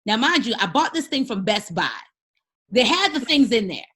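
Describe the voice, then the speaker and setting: A woman with a slightly husky, breathy voice tells a personal story with lots of energy. Her pitch swoops up and down as she acts out what people said. She hammers her key phrases home like a preacher. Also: big pitch swings, normal speed, pushed and bright. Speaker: podcast guest, storyteller and speaker.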